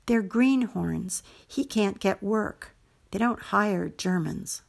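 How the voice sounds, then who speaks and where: A woman's voice: medium pitch, slow, gravelly. A woman voicing an earnest, eager young boy in a story she reads aloud.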